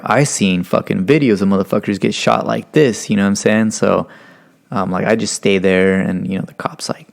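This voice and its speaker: A man from Stockton, California tells a story casually and profanely, rambling with plenty of fillers. His voice is low-pitched with a heavy gravelly fry. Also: normal speed, a little mellow. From Stockton, California, United States. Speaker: podcast guest.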